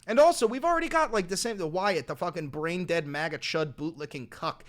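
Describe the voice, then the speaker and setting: A man's voice: on the high side, expressive, brisk. A man streaming a heated, profane rant as he reacts to an interview, talking sarcastically and straight to his chat. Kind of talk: profane, ranting political commentary.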